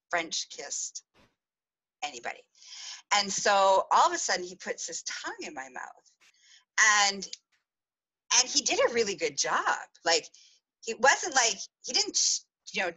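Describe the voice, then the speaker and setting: Giggly woman host spilling a story, acts out the drama, bright n animated. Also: lowish voice, rough recording. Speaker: podcast host. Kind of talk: confessional storytelling.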